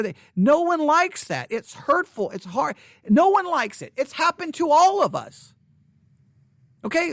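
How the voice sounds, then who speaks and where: A man's voice: extremely high pitch, a bit bright, dry recording, studio quality. Earnest man pleading. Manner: earnest and pleading, with emphatic repeated phrases. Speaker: podcast host. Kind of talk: impassioned commentary. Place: home studio in Texas.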